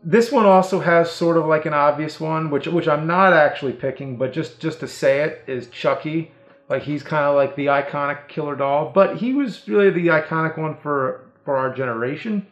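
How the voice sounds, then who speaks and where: A man's voice: on the high side, normal speed. A man co-hosting a casual chat, recalling things easily with lots of fillers. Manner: easygoing, filler-heavy recollection. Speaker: co-host. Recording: roomy, slightly dull audio.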